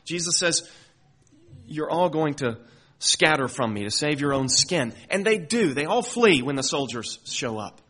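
A male pastor delivers a sermon in a church, reading scripture aloud and explaining it with earnest conviction. His voice sits slightly high and moves a lot, swelling into emphatic peaks before dropping back. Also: lively intonation, a little slow, a bit bright, husky.

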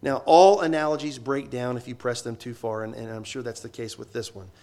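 A man preaching a sermon, slowing down and stressing key words, then dropping low and quiet for asides. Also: fairly even intonation. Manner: swings between loud emphasis and low, quiet asides.

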